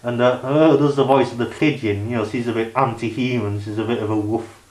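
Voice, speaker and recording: A man talks loosely through his DVD shelf in a casual review vlog, his voice sitting at an ordinary middle pitch. He wanders between thoughts and leans on "you know" and "like" fillers. The room around him rings with echo. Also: fairly even intonation, brisk, darkish tone. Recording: echoey room.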